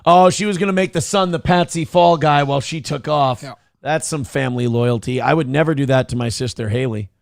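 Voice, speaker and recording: A man hosting a morning talk show, riffing crudely and mockingly on news clips with sudden loud outbursts. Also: on the high side, a little fast, gravelly, no room sound, clean studio sound, soft background music. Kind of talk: casual comedic commentary on news clips.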